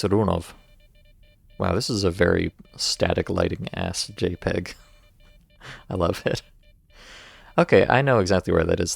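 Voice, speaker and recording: A man's voice: sits low, vocal fry, husky, no echo. An American man streaming a video game, commenting with dry, sarcastic asides and reading in-game text aloud.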